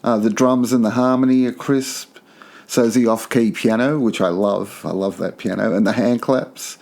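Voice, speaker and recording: A man's voice: medium pitch, steady tone, normal speed, creaky, a little mellow. A man hosting a podcast, giving a casual track-by-track album review in an enthusiastic, opinionated way, often repeating himself for emphasis. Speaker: podcast host.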